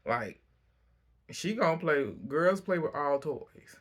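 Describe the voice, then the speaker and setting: A man's voice: a little high, takes it slowly. Chatty man recapping a reality show. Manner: chatty, opinionated, quotes himself in animated asides. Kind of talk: casual episode recap.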